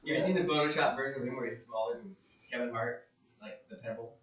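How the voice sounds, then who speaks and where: A man's voice: medium pitch, fast talker, fairly bright tone. A playful, giggly man in casual classroom banter. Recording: echoey room, far from the mic.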